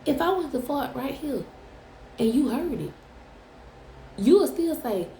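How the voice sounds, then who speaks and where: A woman's voice: high-pitched, sing-song, measured pace, dark tone, echoey room, slight background noise, rough recording. A woman tarot reader talking straight to her viewers in a blunt, profane, teasing way. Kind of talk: casual direct-to-camera chat.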